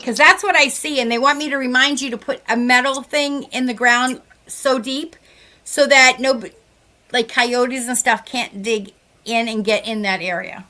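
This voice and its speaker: A woman's voice: a little high, fairly even intonation, moderate pace. A middle-aged woman with a Massachusetts accent, a psychic medium chatting casually and giving readings. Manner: chatty, warm storytelling with frequent "like". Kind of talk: casual radio chat with readings.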